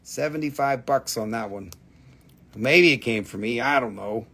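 A man's voice: medium pitch, normal speed, vocal fry, a bit bright, breathy edge. A man hosting a live stream gem sale, with joking sales patter and a put-on quirky accent that comes and goes.

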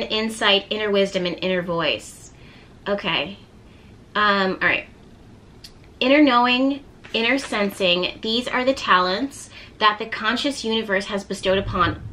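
A woman giving a tarot reading to her viewers, gently encouraging them and reading card texts aloud. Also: medium pitch. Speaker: tarot reader.

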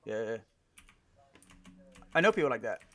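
A man's voice: mid-range voice, sing-song, moderate pace, fairly bright tone. A man streaming a shooter game, swearing, trash-talking and joking with his squad while he plays. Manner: laughs often. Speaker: gaming streamer. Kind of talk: live gameplay commentary.

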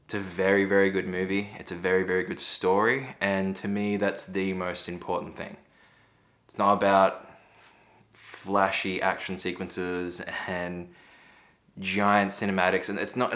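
A very deep-voiced man talks through a film in a casual video review. He is enthusiastic and laughs often, with plenty of easygoing swearing. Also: sharp tone.

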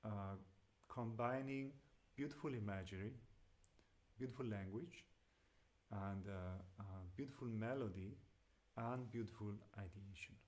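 A man teaching devotional singing, explaining slowly and gently with many pauses and fillers, and stopping now and then to sing a line. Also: on the low side. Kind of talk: lecture with sung examples.

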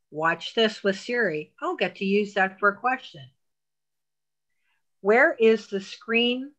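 A woman leads an online phone class at an unhurried pace. Her voice is bright and forward, and she gives patient, step-by-step instructions with emphatic asides. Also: mid-range voice, dull audio.

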